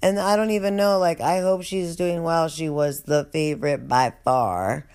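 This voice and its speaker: A storyteller recounting a comic memory, profane and rambling, with drawn-out asides. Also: mid-range voice, darkish tone, clear, resonant tone.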